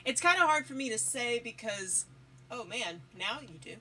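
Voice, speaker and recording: A woman co-hosting a casual live stream, passing along viewer questions in a relaxed, teasing, matter-of-fact way. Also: fairly high pitch, normal speed.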